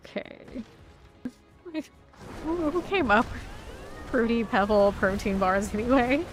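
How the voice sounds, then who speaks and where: A woman's voice: a little high, expressive, measured pace, faint music behind. Chatty woman streaming a game. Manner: chatty and rambling, heavy use of "like". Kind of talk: casual gameplay chat.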